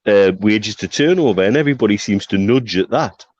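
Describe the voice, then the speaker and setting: A man's voice: on the low side, expressive, a little fast, darkish tone, no echo, dull audio. A man talking football business in a casual podcast chat, emphatic and repeating himself when he presses a point. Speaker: podcast co-host.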